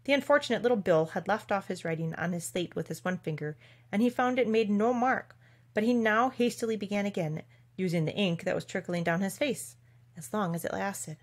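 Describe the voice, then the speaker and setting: A woman reading a classic children's story aloud in a measured, expressive narration. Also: mid-range voice. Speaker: audiobook reader.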